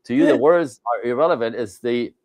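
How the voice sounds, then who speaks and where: A man acting as a relationship coach talks emphatically in an animated interview, constantly checking in with "right?" and slipping into imitations of other people's voices. His voice is medium-pitched, fairly quick, and a little mellow, with no echo.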